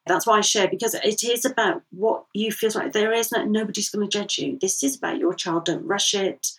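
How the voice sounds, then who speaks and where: A woman guest in a podcast interview, speaking gently and earnestly about her late child and often laughing as she tells stories. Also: medium pitch, fairly quick, distant mic. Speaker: guest, bereaved parent. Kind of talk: candid interview talk.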